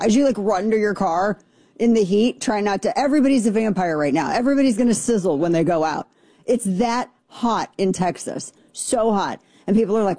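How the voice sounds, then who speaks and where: A woman's voice: mid-range voice, expressive, normal speed, mellow, no echo. A woman hosting a talk radio show, talking in a chatty, rambling way with jokey digressions, on a studio microphone.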